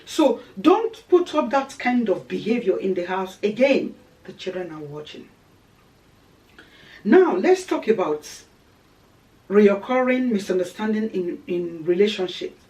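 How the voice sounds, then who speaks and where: Female preacher, earnest and exhorting, medium pitch, recorded from a slight distance. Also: big pitch swings, a little slow, darkish tone. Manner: earnest and exhorting, repeats key phrases. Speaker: Christian teacher on marriage. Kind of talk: preaching-style marriage advice.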